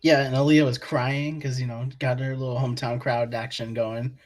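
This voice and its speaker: A man's voice: mid-range voice, little pitch movement, normal speed. A man from Boston, a guest on a casual wrestling podcast, talking in a laid-back, hesitant way with fillers.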